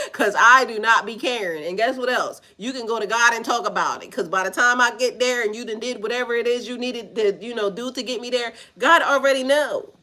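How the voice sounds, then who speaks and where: A woman's voice: a little high, a little fast, hardly any pauses, pushed and bright. A woman spiritual reader in casual livestream chat, blunt and profane, laughing often and talking straight to her viewers. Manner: slangy, repetitive, talks to chat.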